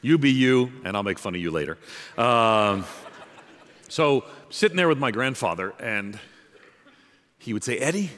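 Bright-voiced male preacher in a reverberant hall. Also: medium pitch, animated, measured pace, long pauses. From outside New York City. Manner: emphatic, repeats exhortations, joking asides. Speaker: pastor. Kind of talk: sermon. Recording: long reverb of a large hall.

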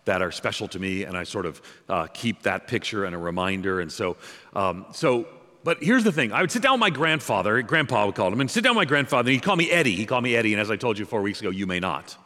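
A man's voice: on the low side, bright, forceful tone. A man from outside New York City preaching a sermon as pastor, emphatic and repetitive, with joking asides. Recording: long reverb of a large hall.

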